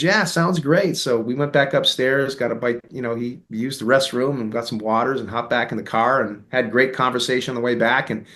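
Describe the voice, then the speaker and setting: A middle-aged American man with a medium-pitched voice, a guest in an interview, tells a long story. He's relaxed and rambling, using many fillers and quoting dialogue.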